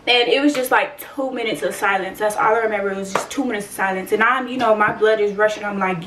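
A woman's voice: medium pitch, fairly even intonation, brisk, hardly any pauses, fairly bright tone, echoey room, recorded from a distance, a little hiss or hum, poor audio. A woman in her twenties telling an emotional personal story in a candid, slangy, swearing vlog. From San Antonio, Texas. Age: 20s. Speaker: vlogger.

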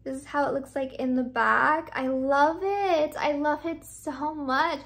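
A young woman with a high-pitched voice chats through an unboxing vlog. She gushes and piles up words of praise, sounding thrilled with everything she shows. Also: steady tone, measured pace, creaky, a bit bright. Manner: gushing, effusive, repeats praise words. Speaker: vlogger.

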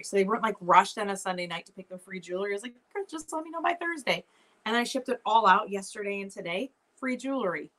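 Woman host, mid-pitched, chatty and upbeat, running a casual live sale. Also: fairly bright tone. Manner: chatty, upbeat, talks straight to viewers. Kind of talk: casual live-stream selling chat.

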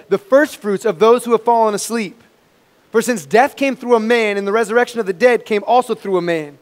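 A man with a high voice preaches a sermon to his congregation. He swings between loud, emphatic peaks and quiet asides. His voice carries a long reverb through the church hall. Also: animated, quick pace, gravelly. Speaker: pastor. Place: church sanctuary.

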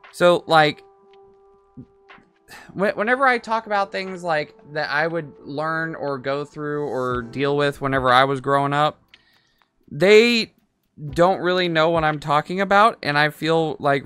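A man in his twenties rambles casually as he builds, talking half to himself and swearing freely. His voice is bright and crisp, sitting a little high for a man. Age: 20s. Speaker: streamer. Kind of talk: casual chat while building a toy.

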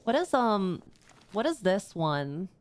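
Female streamer, playful gameplay chat, slow drawl. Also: mid-range voice, a little hiss or hum. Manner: chatty, playful, excitable. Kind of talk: casual gameplay commentary.

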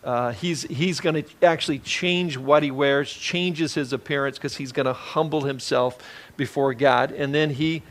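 A man preaching a conversational sermon as a pastor, relaxed and rambling, with many fillers and restarts. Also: medium pitch, normal speed.

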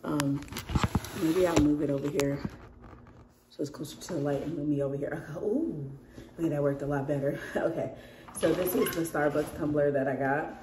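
Sick, chatty woman vlogger with a low voice. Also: fairly even intonation, moderate pace, background noise. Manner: chatty, laughs often, talks straight to viewers. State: sick, losing her voice. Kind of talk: casual chat to camera. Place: at home indoors.

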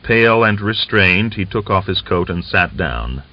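A man narrating an audiobook novel in a measured, even storytelling delivery, on a dull lo-fi recording. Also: low-pitched, background noise. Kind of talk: scripted narration.

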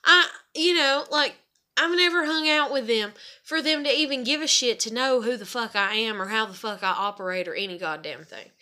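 A woman's voice: fairly high pitch, normal speed, sharp tone. A young woman venting about her family in a rambling, bitter personal rant full of swearing. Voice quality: swears heavily, rambling and repetitive. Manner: frustrated, bitter. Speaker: vlogger.

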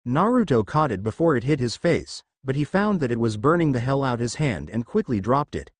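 A man narrating a fan fiction story in an expressive storytelling voice. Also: medium pitch, brisk, no echo.

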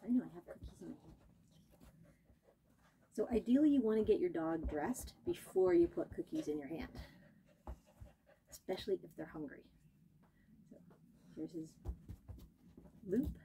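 A woman dog trainer giving calm, patient instruction while working with a puppy, coaxing and praising it. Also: lowish voice, moderate pace, long pauses, slight background noise. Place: indoor training room.

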